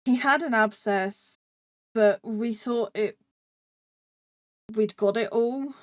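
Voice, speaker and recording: A woman hosting a casual podcast chat, easygoing and quick to laugh. She talks slowly in a fairly high voice. The sound is dry and close, with no room echo. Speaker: podcast host.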